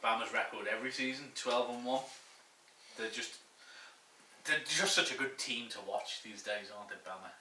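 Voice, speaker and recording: A man's voice: medium pitch, normal speed, pauses often, background noise. A man co-hosting a casual comedy sports chat, easygoing and asking the others questions. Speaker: co-host. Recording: echoey room, mic at a distance.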